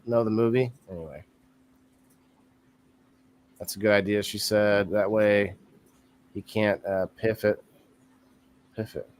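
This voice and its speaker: A man's voice: lowish voice, smooth. A man in his thirties hosting a live-stream talk show in casual chat, rambling and thinking aloud with easy laughs.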